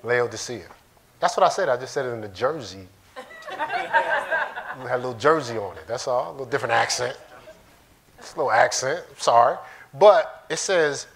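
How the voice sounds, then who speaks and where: A man's voice: mid-range voice, lively intonation, a little fast, long pauses, fairly bright tone. A man pastor giving a casual, conversational sermon in a church, joking and talking straight to the congregation. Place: church sanctuary.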